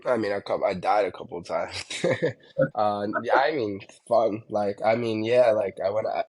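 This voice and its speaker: A man from New Jersey talks as a podcast guest, his voice sitting very low. He tells his story in a loose, rambling way, leaning on lots of fillers. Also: normal speed, darkish tone, husky. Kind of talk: casual storytelling.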